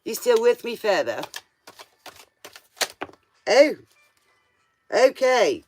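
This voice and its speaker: A man's voice: very high-pitched, very animated, very slow, darkish tone, slight background noise. A man doing a casual tarot reading, chatty and playful, with joking asides. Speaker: tarot reader.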